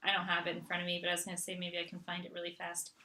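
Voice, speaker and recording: A woman's voice: fairly low pitch, monotone, racing, sharp tone. A middle-aged woman from Canada hosting a casual live Q&A, chatting and reading out viewer questions. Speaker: host.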